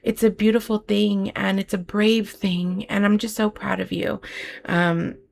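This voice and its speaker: A woman with a gravelly, fry-edged voice reads tarot cards for her listeners. She talks softly and from the heart, rambling through her thoughts with plenty of fillers. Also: mid-range voice, little pitch movement, unhurried. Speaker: tarot reader. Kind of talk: channeled tarot reading.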